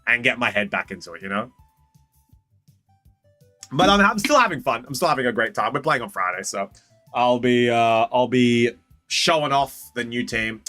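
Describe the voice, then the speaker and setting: Man, live-stream chat, bouncy pitch, bright tone, joking with chat, dry close mic, faint music behind. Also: no room sound. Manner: lively, joking, talks to chat by name. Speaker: streamer opening card packs.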